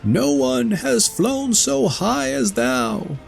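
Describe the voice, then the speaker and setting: An indignant flock of birds scolds in raised, thin voices, drawing each accusing word out slowly, as a man puts them on. The tone stays sharp and offended, with a gravelly grain under the voice, in a fairy-tale reading. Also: very high-pitched, animated, soft background music, pitched above the performer's own voice, exaggerated voice. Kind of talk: storybook narration.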